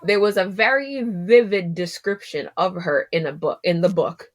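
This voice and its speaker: A woman co-hosting a podcast in casual chat, animated and full of "like" fillers. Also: lowish voice, moderate pace. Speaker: podcast co-host.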